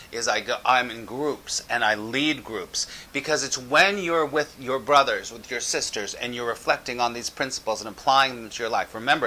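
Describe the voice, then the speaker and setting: A man teaching about a spiritual text, speaking earnestly with slow, deliberate emphasis. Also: medium pitch, rough recording. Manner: soft, drawn-out reading aloud.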